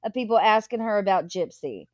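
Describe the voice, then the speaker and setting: A woman's voice: medium pitch, expressive, fairly quick. Blunt, swearing woman host. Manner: blunt, swears freely, laughs often. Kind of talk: casual chat.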